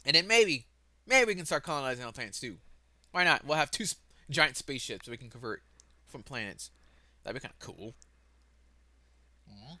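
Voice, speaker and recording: A man giving a casual, rambling home-made lesson, correcting himself as he goes and sometimes bursting out loudly. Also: mid-range voice, expressive, a little fast, pauses often, dry recording. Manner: casual, self-correcting, laughs at own mistakes, sudden loud outbursts. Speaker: lesson presenter.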